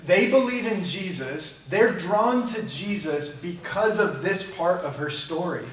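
Man, pastor, casual earnest sermon delivery, fairly high voice, heard from back in an echoey church hall. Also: expressive, a little slow, a bit bright, distant mic, slight background noise. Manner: earnest, conversational, plain-spoken. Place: church sanctuary.

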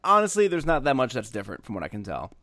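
Relaxed man in casual tech chat. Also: medium pitch, racing, dry recording, low-quality recording. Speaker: podcast co-host.

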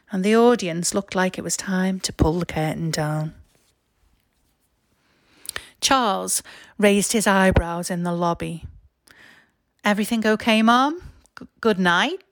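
A woman with a Liverpool accent, reading her own memoir stories aloud in a wry, self-mocking, expressive way. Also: on the low side, no room sound, studio quality. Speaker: author and narrator. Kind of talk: memoir storytelling, read aloud.

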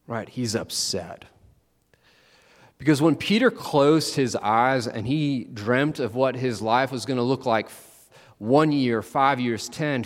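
A man's voice: mid-range voice, big-room sound. A man preaching a conversational sermon, acting out the disciples with playful asides.

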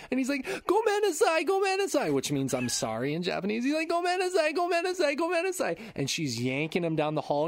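A man hosting a podcast, telling a story in casual chat, animated and swearing freely while acting out loud shouts, on a close microphone at home. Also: on the high side, dry recording. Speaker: podcast host. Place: home room. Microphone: close podcast mic.

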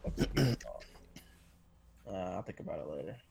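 A man's voice: sits low, moderate pace, vocal fry, a little hiss or hum. Brash swearing male podcast host. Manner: brash, swears freely, animated. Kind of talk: casual chat.

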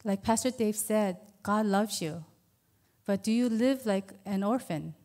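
A woman's voice: medium pitch, measured pace, darkish tone. A woman in her fifties giving a personal church testimony as an adoptive mother, earnest and conversational with many fillers. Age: 50s.

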